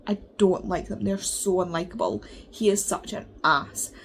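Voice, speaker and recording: A woman's voice: fairly low pitch, moderate pace, a little hiss or hum. Chatty woman rambling about books. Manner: chatty, animated, rambling with fillers. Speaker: book vlogger. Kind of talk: casual reading vlog chat.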